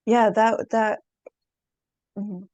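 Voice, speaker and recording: Woman cohost, quick and jokey, high bouncy delivery, dry sound. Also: no echo. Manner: quick, animated, joking. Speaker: podcast co-host. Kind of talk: casual chat.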